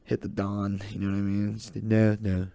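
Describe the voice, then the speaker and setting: A man's voice: lowish voice, completely flat delivery, normal speed, gravelly, mellow, no room sound. Rambling young man hosting a podcast. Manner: rambling, joking, loose and opinionated. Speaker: podcast host. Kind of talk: casual solo podcast monologue.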